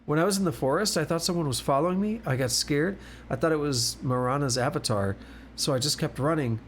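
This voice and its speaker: A man's voice: fairly high pitch, a little fast, a little hiss or hum, lightly acted. A man reading as a sorry little village boy. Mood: apologetic. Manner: reads the game text aloud.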